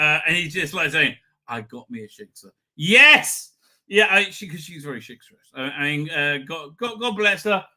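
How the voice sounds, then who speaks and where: A middle-aged man hosts a casual livestream, chatting off the cuff with his viewers. His voice is very bright and sits slightly high. He rambles through comments, full of fillers and restarts, with an irreverent streak. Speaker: livestream host. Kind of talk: casual live chat reading viewer comments.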